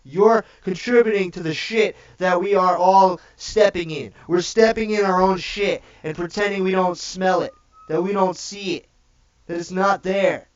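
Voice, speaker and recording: A man delivers a heated, preachy rant on a live stream, swearing freely and tagging nearly every point with "okay?". His voice sits fairly high for a man. It comes across dull and muffled, picked up from a little way off the mic. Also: steady tone, measured pace, recorded from a distance. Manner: preachy and profane, repeating "okay?" after each point. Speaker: livestream host. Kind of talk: impassioned livestream rant.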